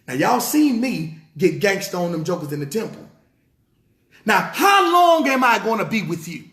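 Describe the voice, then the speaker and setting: A preacher acting out a frustrated Christ who scolds his followers in rapid, exasperated questions. The voice swoops widely with a gravelly edge, heard in a roomy, echoing space. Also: high-pitched, sing-song, a bit bright, heavily acted. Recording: roomy echo.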